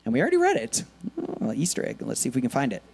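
A man preaching a sermon in a conversational, animated way, with lots of casual fillers. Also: medium pitch, racing, vocal fry, slightly rough. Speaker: pastor.

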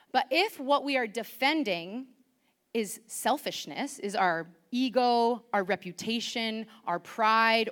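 A woman giving a sermon in church, chatty and lively, asking the congregation questions. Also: on the high side. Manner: lively, conversational, asks the audience questions. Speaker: preacher.

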